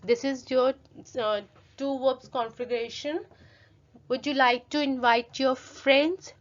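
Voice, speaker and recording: A woman's voice: high voice, steady tone, slow, lo-fi sound. A woman teaching a French grammar lesson from slides, reading each French example and then translating and explaining it step by step in English.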